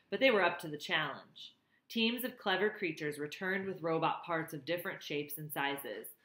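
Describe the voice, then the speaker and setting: A woman reading a children's novel aloud in an expressive, emotional way. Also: on the low side. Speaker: reader. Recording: roomy echo.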